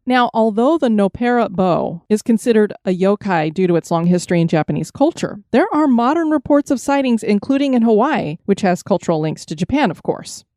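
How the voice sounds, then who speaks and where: A woman podcast host reading ghost stories in a measured, steady narration. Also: medium pitch, dry recording, clean studio sound. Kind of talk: storytelling narration.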